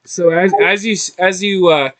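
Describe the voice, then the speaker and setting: A man narrating a tabletop game as game master, animated and halting. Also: high-pitched.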